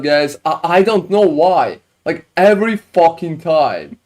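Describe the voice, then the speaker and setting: A man's voice: on the high side, sing-song, unhurried, few pauses, a little mellow. A man streaming a game, chatting casually with viewers while reviewing their builds, with phrasing and frequent swearing. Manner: casual, swears often, non-native phrasing.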